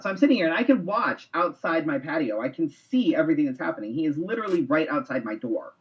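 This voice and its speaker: A man co-hosting a casual online talk show, telling a story with lots of swearing and animated quoting. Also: fairly high pitch, fast talker, few pauses, dull audio. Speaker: co-host.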